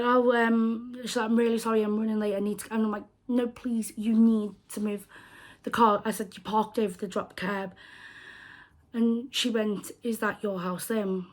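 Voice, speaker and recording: A young British woman vlogging, telling a story in a casual, animated way and acting out the people she quotes. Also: medium pitch. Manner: animated retelling, acts out quoted voices. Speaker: crochet vlogger.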